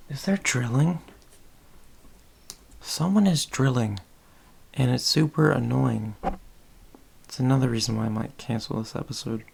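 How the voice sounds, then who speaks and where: A man's voice: medium pitch, gravelly, a little mellow, breathy edge. A man with a Boston accent, a podcast host rambling distractedly and muttering to himself while he works on a casual livestream.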